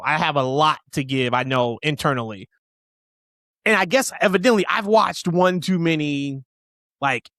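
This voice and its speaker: A man co-hosting a casual wrestling podcast, opinionated and emphatic, rushing through tangents. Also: fairly high pitch, a bit bright, no room sound, studio quality. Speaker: podcast co-host.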